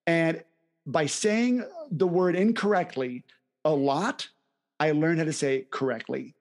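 A man's voice: a little high, measured pace. A young man co-hosting a podcast in casual chat, upbeat and enthusiastic, laughing often. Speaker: podcast co-host.

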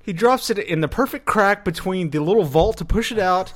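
A man's voice: high voice, moderate pace. A man hosting a podcast, telling a long story in casual chat, swearing and acting out the other people in it. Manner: profane, animated retelling with quoted voices. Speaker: podcast host.

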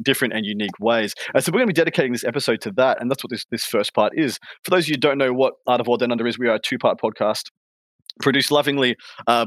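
An Australian man hosting a casual podcast, chatty and quick to laugh, often repeating words as he thinks. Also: medium pitch, a bit bright, no room sound. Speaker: podcast host.

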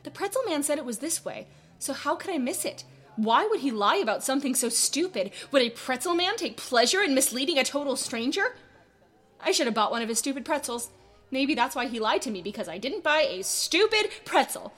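Storybook reading of a jittery teen girl scolding herself under her breath, voiced by a woman, her higher voice swinging widely and rising sharply on each worry. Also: big pitch swings, a little fast, fairly bright tone, faint music behind. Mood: anxious. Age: teens. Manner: anxious, self-scolding inner monologue. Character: nervous seventeen-year-old girl going to an audition.

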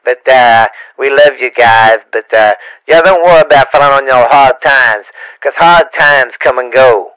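A man's voice: medium pitch, moderate pace, a bit bright, smooth, no room sound, rough recording. A man from Louisiana with a Cajun accent, chatting as a podcast guest in a rambling, stammering way with playful rhymes. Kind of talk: casual podcast banter.

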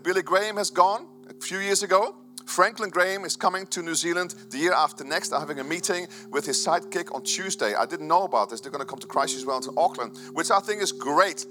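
A man preaching a sermon to his church, enthusiastic and rambling, with frequent restarts. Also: a little high. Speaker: pastor.

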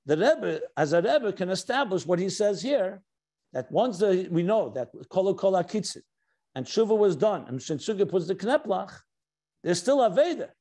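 Male rabbi, high voice, lecture delivery, emphatic on key terms, reads texts aloud. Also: big pitch swings, normal speed, mellow. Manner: explanatory, stressing key words, mixing in Hebrew and Yiddish terms; reads quoted passages aloud. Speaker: rabbi teaching a class. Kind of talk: Torah lecture.

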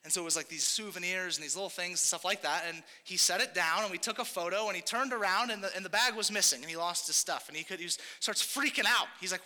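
A man's voice: high-pitched, fast, hardly any pauses, pushed and bright. A young man preaching a sermon in a casual, conversational way, with frequent asides to the congregation. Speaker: pastor. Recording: long hall reverb.

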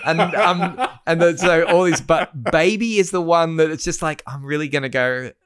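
A man's voice: on the high side, fairly even intonation, moderate pace, a bit bright, clear, resonant tone. A man co-hosting a podcast in casual chat, laughing often and joking. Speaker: podcast co-host.

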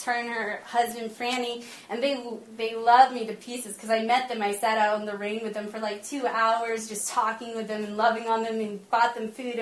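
A woman with a fairly high voice gives a sermon mixed with personal storytelling to a small gathering. She's lively and chatty, laughing often during the stories, then slows and softens for earnest teaching; the recording has roomy echo and faint ambience.

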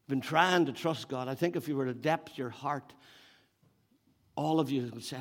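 A man's voice: medium pitch, moderate pace. Older guy preaching, keeps repeating lines for punch. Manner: animated, repeats phrases for emphasis. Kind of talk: sermon.

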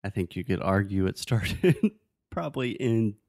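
A man leads a relaxed lesson-style chat. He patiently coaches pronunciation, drawing sounds out and teasing gently. The sound is dry and close. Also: on the low side, dry recording. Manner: patient, playful, corrects pronunciation slowly. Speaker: co-host teaching English. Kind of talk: casual language-lesson chat.

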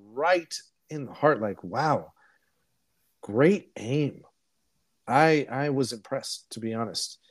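Man casually recapping a movie. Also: mid-range voice. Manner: rambling, profane, animated recapping. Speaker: podcast co-host. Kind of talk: casual movie review chat.

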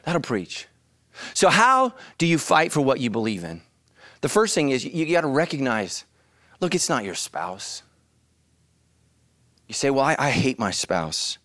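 A middle-aged man, a pastor, preaching an animated comic sermon full of storytelling, shouts and acted voices. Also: mid-range voice, measured pace, pauses often, no room sound, studio quality.

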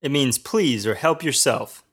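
A man's voice: medium pitch, a little slow, a bit bright, husky. A man co-hosting a language lesson podcast as the learner, repeating new words back. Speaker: co-host, learner.

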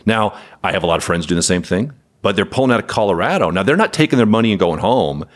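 A man's voice: fairly low pitch, animated, quick pace. A man who runs a property management company, speaking as a podcast guest in a candid, wry way with chuckles. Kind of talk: podcast interview conversation.

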